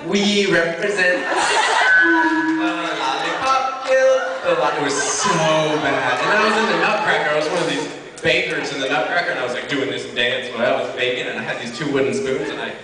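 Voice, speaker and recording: A man's voice: medium pitch, fast, hardly any pauses. A man from Miami answering fan questions on a convention panel, joking, playful and laughing often. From Miami, USA. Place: large echoey convention hall. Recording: echoey hall from far off, crowd noise. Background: loud audience crowd.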